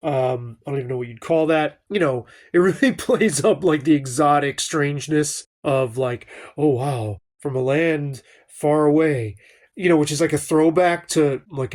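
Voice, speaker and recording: A man's voice: fairly high pitch, normal speed, a little mellow. Chatty man rambling about an old film. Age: middle-aged. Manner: rambling, chatty, many fillers and asides. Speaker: film commentator. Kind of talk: casual film review monologue.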